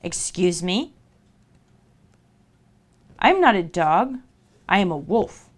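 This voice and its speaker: A woman's voice: sing-song, heavily acted. Woman playing a stern proud wolf. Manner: low, firm and deliberate. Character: proud, stern male gray wolf, family protector.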